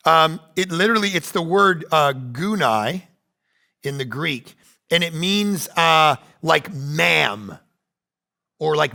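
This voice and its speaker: Pastor, male, 40s: gravelly, bright sermon voice, animated, dips to hushed then builds up. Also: a little high. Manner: animated, acts out quoted voices, swings between loud and hushed.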